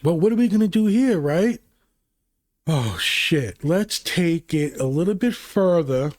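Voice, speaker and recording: Brief: male host, fairly high voice, rambling and profane film recap, dry close sound. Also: a little slow, no room sound. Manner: profane, rambling, excitable storytelling. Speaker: channel host. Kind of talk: casual movie recap.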